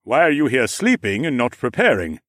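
A man's voice: medium pitch, sing-song, moderate pace, fairly bright tone, no echo, clean studio sound, pitched above the performer's own voice. A man voicing a jovial, knowing older ram lord with horns, who speaks in a teasing, slightly formal way. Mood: amused.

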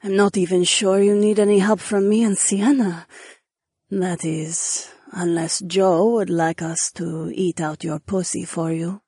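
A man putting on a soft, coaxing young princess. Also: high voice, little pitch movement, unhurried, slightly rough, no echo, clean studio sound, pitched above the performer's own voice, heavily acted. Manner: soft, coaxing, asks permission. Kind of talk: audiobook character voice.

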